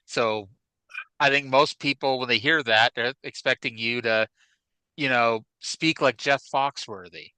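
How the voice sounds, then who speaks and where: Crisp, bright-voiced rambling storyteller man. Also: medium pitch, dry recording, low-quality recording. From northern USA. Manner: rambling storyteller, many fillers like "like" and "you know". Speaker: podcast co-host. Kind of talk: casual chat.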